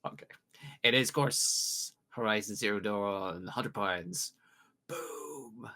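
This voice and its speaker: A man from the UK hosting a casual podcast quiz, joking along and reading out multiple-choice questions with drawn-out pauses. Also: fairly low pitch, bright, forceful tone. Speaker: quiz host.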